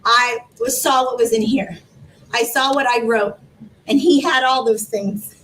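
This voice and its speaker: A woman in her forties, a guest telling her personal story with animated laughter and emotion. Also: unhurried, recorded from a distance, slight background noise, poor audio. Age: 40s. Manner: animated, laughing, rising into high exclaims. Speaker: guest, foundation founder.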